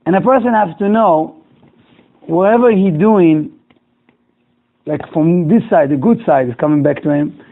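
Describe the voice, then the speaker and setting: A man's voice: a little high, measured pace, pauses often. A rabbi telling a moral story to his class in broken English, acting out each character's lines. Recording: tinny, phone-like lo-fi recording.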